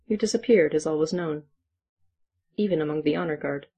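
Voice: mid-range voice, fairly quick, a little mellow, slightly rough. A storyteller voicing a stern old she-wolf guardian in an audiobook-style reading, speaking in clipped, terse phrases. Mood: blunt.

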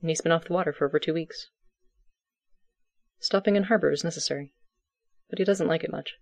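Calm, dry storybook narrator. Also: mid-range voice, brisk, creaky, no echo. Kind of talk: audiobook fiction reading.

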